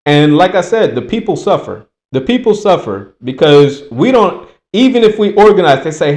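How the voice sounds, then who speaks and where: A man's voice: high voice, lively intonation, a little mellow. Emphatic man giving political commentary. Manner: emphatic, repetitive, slowing for stress.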